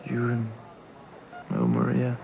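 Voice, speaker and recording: An actor playing a weary, tender man who speaks slowly and lovingly. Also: medium pitch, monotone, vocal fry, noisy background. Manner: slow and tender. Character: tender, weary man greeting his love. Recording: dull recording under loud music.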